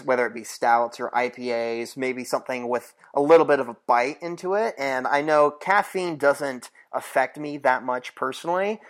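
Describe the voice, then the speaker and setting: A man's voice: mid-range voice, fairly bright tone. A man talking as a guest in a casual interview, easygoing and hesitant, with frequent chuckles and fillers. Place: California.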